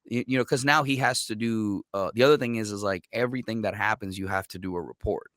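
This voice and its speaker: A man who is a military veteran, guest on a podcast, telling stories in a casual, profane, animated way and acting out what others said. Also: fairly low pitch, quick pace, no echo, studio quality. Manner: profane, animated storyteller who acts out quotes. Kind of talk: casual storytelling.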